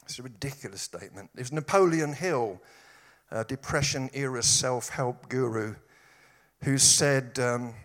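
A man's voice: mid-range voice, a little slow, fairly bright tone. A man from East London with a local accent, preaching a sermon with humorous storytelling and wry jabs. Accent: East London English. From East London, England.

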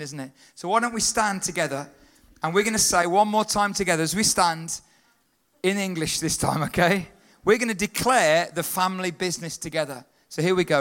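A man leading a lively church talk, calling out to the congregation and getting them to answer back. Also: high-pitched. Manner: upbeat, leads the congregation in call-and-response. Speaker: children's worker leading a church service.

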